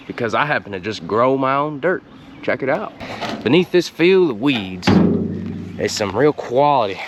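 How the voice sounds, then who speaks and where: A folksy man talks his way through planting in a yard, drawling and deadpan as he slips in innuendo. His voice sits at an ordinary middle pitch for a man. Steady outdoor noise runs under him, with the odd vehicle going by. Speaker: gardening show host. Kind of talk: comedic gardening tutorial.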